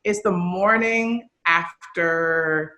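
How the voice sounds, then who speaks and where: A woman's voice: lowish voice, very slow, pushed and bright. A woman in her thirties from Chicago, a guest in a casual interview, talking candidly and animatedly and swearing freely. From Chicago, USA. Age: 30s.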